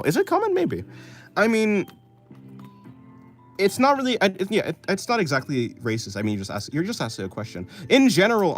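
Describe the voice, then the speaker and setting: Rambling, lively-voiced male streamer. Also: a little high. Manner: rambling, self-correcting, often laughing; offhand, apathetic. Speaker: livestreamer answering chat. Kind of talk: casual live-stream chat.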